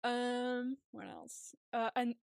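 A woman's voice: a little high, completely flat delivery, slow pace, gravelly, darkish tone, clear, resonant tone, no echo, clean studio sound. A young woman co-hosting a podcast, chatting casually and telling stories with lots of laughter and acted-out quotes. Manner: chatty storytelling, laughs often, acts out quotes. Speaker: podcast co-host. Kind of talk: casual chat.

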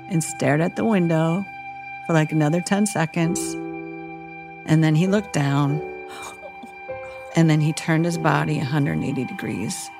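Earnest woman with a gravelly voice. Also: sits low. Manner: earnest, tender storytelling. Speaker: podcast guest, chaplain. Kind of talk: emotional storytelling.

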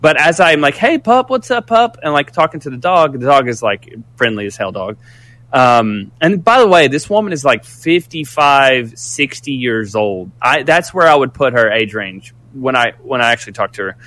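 Animated, profane man telling a story. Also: medium pitch, normal speed. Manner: animated, profane, rambling with restarts. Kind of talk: casual storytelling.

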